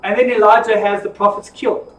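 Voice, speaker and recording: A man teaching an informal Bible study, telling the stories in a lively, jokey way. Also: high voice, fast. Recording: echoey room from far off.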